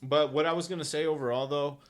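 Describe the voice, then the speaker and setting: A man's voice: a little high, steady tone, fast talker. A young man co-hosting a podcast, rambling in casual chat with lots of fillers and profanity. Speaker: podcast co-host.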